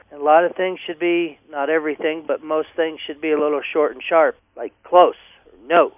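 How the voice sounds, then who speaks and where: A man's voice: on the high side, no echo. A man giving dog training advice in a confident, instructive way, speaking over the phone. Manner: confident, instructive, repeats catchphrases. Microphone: telephone. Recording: tinny phone line, dry.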